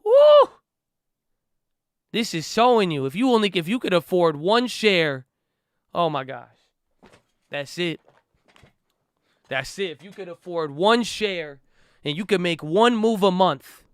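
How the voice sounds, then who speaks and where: A man talking casually and excitedly to his viewers as an investing vlogger, emphatic and slangy, talking back at critics. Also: high voice, a little slow, pauses often, clear, resonant tone, dry recording, clean studio sound.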